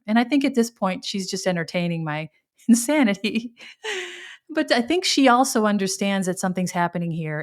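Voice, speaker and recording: Middle-aged woman podcasting, rambly personal story, backtracks a lot, mid-pitched voice. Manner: animated quoted exclamations. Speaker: podcast host.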